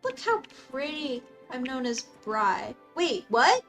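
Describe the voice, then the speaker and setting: A bubbly young woman streamer with a fairly high voice chats with her viewers as she plays, easily excited and quick to laugh things off. Soft music plays under her talk. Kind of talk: casual live-stream chat reading comments. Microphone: desk mic, dog close by.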